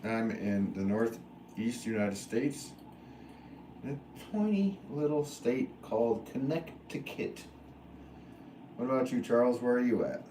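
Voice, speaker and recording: A man's voice: mid-range voice, animated, a little slow, long pauses, mellow. A man, a potter, chatting casually and self-deprecatingly with viewers during a live stream while he works. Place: pottery studio. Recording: echoey room, mic at a distance, background noise.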